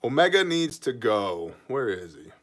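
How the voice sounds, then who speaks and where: A man hosts a casual live stream, greeting viewers and joking as he reads out comments. His pitch leaps around in lively swings. His tone is bright and forceful. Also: measured pace. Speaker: livestream host reading viewer comments.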